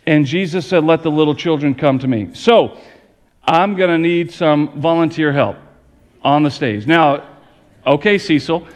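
A man's voice: fairly high pitch, measured pace. A middle-aged man preaching a playful Christmas sermon as pastor, talking straight to his congregation. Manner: playful, addresses the congregation directly. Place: church sanctuary with congregation. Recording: long hall reverb, audience noise.

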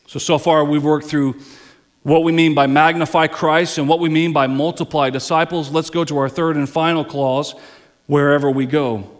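A male pastor preaching a sermon, swelling up into emphatic high passages and dropping to soft, low phrases, sometimes repeating words as he restarts. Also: little pitch movement, moderate pace, long reverb tail.

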